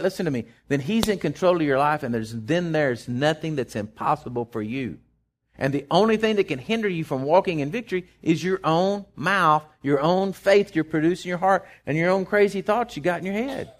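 A middle-aged man, preaching a sermon in a folksy, animated way with lots of restarts. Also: fairly high pitch, brisk. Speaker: pastor.

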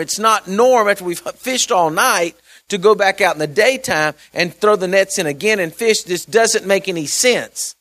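A man preaching a sermon in a conversational, folksy way, with asides and repeated words, swinging between loud emphasis and quiet mumbling. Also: high-pitched, normal speed. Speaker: pastor.

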